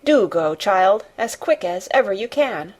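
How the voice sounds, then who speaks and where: A woman's voice: mid-range voice, animated, darkish tone. A woman voicing an anxious adult nurse who speaks in a great hurry. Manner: hurried, coaxing.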